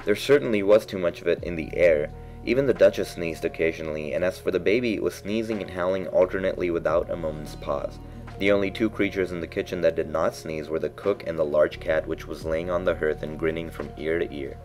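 Brief: low-pitched male narrator, storybook reading, faint music underneath. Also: fairly quick, a little mellow, low-quality recording.

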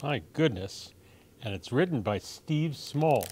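Man for children's storytime, slow gentle read-aloud, mid pitch. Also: animated, slight background noise. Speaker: storytime reader.

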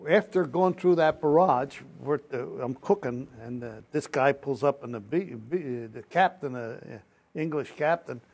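In a slightly rough, mid-range voice at normal speed, an older man relates his life stories during an oral history interview. His telling is lively and anecdotal, peppered with quoted dialogue.

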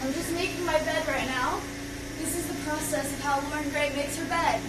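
Young woman, high voice, casual livestream chatter, rambling while tidying, phone mic, steady background noise. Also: normal speed. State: out of breath. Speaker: social media creator. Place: bedroom.

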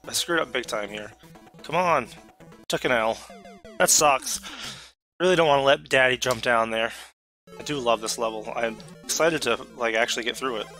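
Bright, excitable man streaming a game. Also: medium pitch. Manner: excitable, talks to himself, sudden yelps. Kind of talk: live gameplay commentary.

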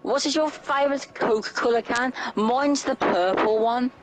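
Teasing lad quizzing a friend. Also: male voice, very high-pitched, moderate pace. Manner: mock interviewing a friend, teasing. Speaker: gamer friend. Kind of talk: casual gaming chat.

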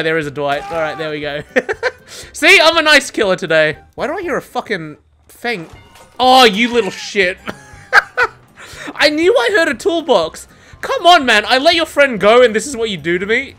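A gamer giving excitable live commentary over gameplay, swearing and laughing often. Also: medium pitch. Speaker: gamer streaming a match.

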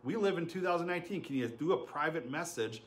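A man's voice: fairly high pitch, expressive, fast talker, a little hiss or hum. A middle-aged man preaching a sermon as pastor, telling stories with laughs and acting out quotes.

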